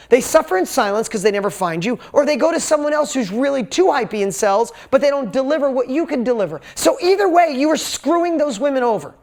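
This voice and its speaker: A man giving a sales talk to a live seminar audience, telling stories animatedly, acting out quotes and swearing casually. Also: extremely high pitch. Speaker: seminar speaker. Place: event stage before a live audience.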